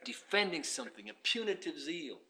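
A male pastor preaching a fervent sermon, swinging between hushed passages and shouted exhortation. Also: fairly high pitch, sing-song, normal speed, slight background noise.

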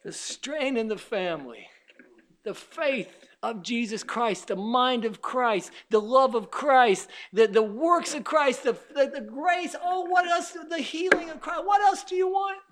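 A man preaching a sermon, calling out to the congregation, shouting his exclamations and at times dropping to a near whisper. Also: extremely high pitch, measured pace, a little hiss or hum.

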